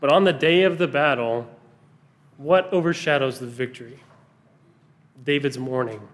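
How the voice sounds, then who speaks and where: A man preaching a sermon, earnest, pausing for emphasis as he reads scripture aloud. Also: mid-range voice.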